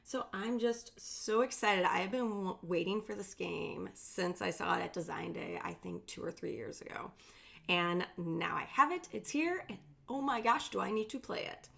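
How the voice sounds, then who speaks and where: A woman's voice: medium pitch, normal speed, creaky, fairly bright tone. A woman guest sending in an enthusiastic, gushing message. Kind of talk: casual recorded message.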